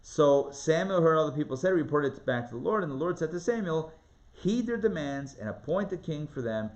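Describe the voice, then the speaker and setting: A man teaching a live Torah class, reading scripture aloud and acting out the voices in an animated, conversational way. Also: on the high side, muffled recording. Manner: animated, dramatizes the text with rising voice and quick asides. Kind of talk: lively live online Torah lesson.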